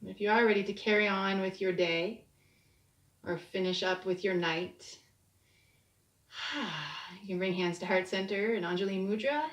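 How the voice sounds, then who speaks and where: A woman leads a short yoga class in a soft, soothing voice, pacing her cues slowly. Her voice sits at an everyday middle pitch. It comes from a little distance, with the echo of a bare room around it. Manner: gentle, soothing cues, slowing down. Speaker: yoga instructor. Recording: echoey room, distant mic.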